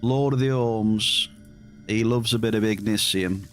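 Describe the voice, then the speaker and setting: A man's voice: fairly low pitch, unhurried, a bit bright. A man with an English accent chatting casually with his live-stream viewers, reading their messages aloud and cheering at big hits. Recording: game music behind.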